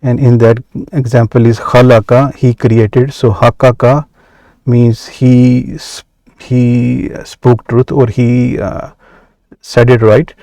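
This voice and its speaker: Slow-paced man teaching Arabic grammar. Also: mid-range voice, flat delivery, mellow, no echo. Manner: measured, many "uh" pauses, slow deliberate explanation. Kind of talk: explaining grammar from a workbook.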